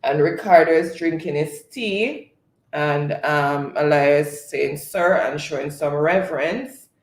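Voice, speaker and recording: A man hosting a live stream, reading viewers' chat comments aloud in a relaxed way and often laughing. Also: fairly high pitch, unhurried. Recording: echoey room.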